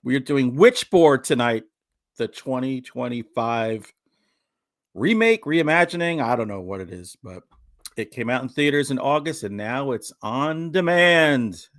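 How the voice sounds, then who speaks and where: Lively middle-aged man joking around. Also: mid-range voice, unhurried. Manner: jokey, animated, playful. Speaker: podcast host. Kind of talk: casual chat.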